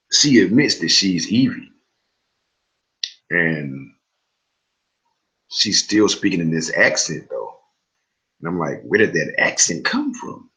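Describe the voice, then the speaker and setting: A man's voice: low voice, vocal fry, sharp tone, rough recording. A young man recapping a TV episode in a loose, chatty way, full of asides and fillers. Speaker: TV recap host.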